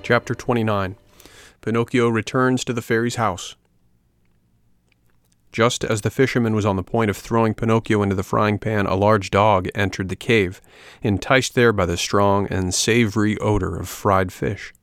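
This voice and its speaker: Gravelly low-voiced male storybook narrator. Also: steady tone, moderate pace, dry recording, clean studio sound. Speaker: audiobook narrator.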